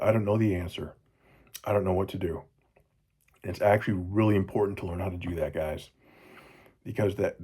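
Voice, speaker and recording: A man in his forties speaking earnestly to his children in a personal video journal, repeating phrases for emphasis and often dropping to a soft voice. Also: breathy edge. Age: 40s. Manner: earnest, heartfelt, often drops to a soft low voice.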